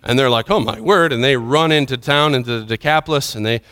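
A man delivers a sermon with a bright, forceful voice that stays smooth and crisp throughout. He swings dramatically between urgent, raised passages and hushed, low asides. The sound is dry and close. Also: fast, dry recording. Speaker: preacher.

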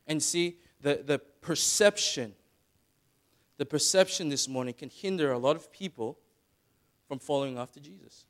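A man preaching a sermon, dropping to quiet asides and then building to loud, dramatic retellings. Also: fairly high pitch, normal speed. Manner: dramatic, swings from soft asides to shouted retellings.

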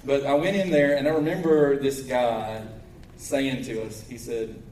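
A pastor with a Kentucky accent, preaching a sermon in a folksy way that swings between loud preaching and quiet storytelling. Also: male voice, mid-range voice, fairly even intonation, measured pace, echoey room, distant mic, slight background noise, rough recording. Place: church sanctuary.

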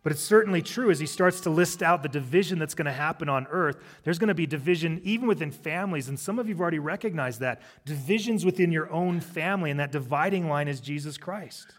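Middle-aged male pastor, conversational sermon with funny asides, slightly high pitch. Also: quick pace, few pauses. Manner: conversational preaching with humorous asides.

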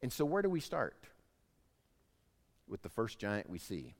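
A man preaching a sermon as pastor, telling stories with lively voices. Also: on the low side, unhurried, long reverb tail. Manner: animated storytelling, acts out voices in anecdotes.

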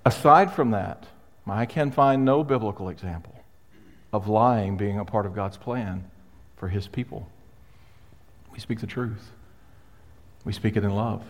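A male pastor preaching a sermon in a conversational, emphatic way, with pauses for weight. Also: fairly low pitch. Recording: long hall reverb.

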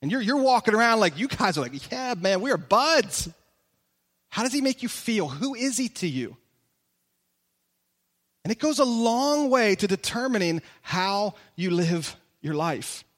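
High-voiced pastor in a reverberant church. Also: male voice, big pitch swings, normal speed, a bit bright. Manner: conversational and emphatic, full of direct rhetorical questions. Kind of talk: sermon. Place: large church hall. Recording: long reverb of a large church hall.

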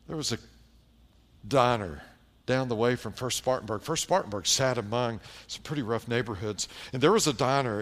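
In his sermon, a middle-aged man from South Carolina, a pastor, recounts stories in a mid-range voice. Emphasis comes through dropping quiet, and he throws in wry asides along the way.

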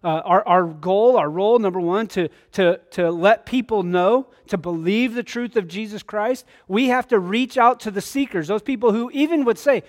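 A man's voice: sits high, normal speed, few pauses. A pastor preaching a conversational sermon to his church, a man acting out quoted voices in his stories.

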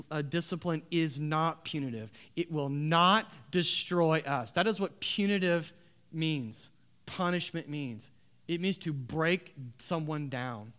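A man preaching a sermon, building to loud emphatic swells and dropping to quiet, earnest tones. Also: on the high side. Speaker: pastor.

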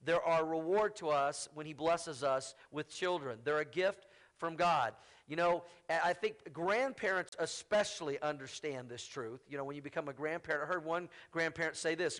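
Brief: male pastor, high-pitched, conversational sermon delivery, wry asides. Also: normal speed, fairly bright tone. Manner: conversational preaching with call-outs to the congregation.

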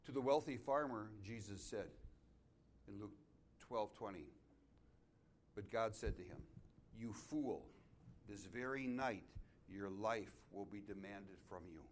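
A middle-aged male pastor preaching a sermon in church, telling a story with many restarts and building to loud, emphatic climaxes. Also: on the low side, a little slow, long pauses, slight background noise. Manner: storytelling, repeats and restarts phrases, rises to loud emphatic peaks.

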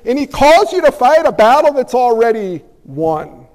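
A man's voice: very high voice, big pitch swings, moderate pace, darkish tone, big-room sound. A man preaching a casual sermon, conversational with jokey asides, acting out bits of dialogue. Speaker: pastor.

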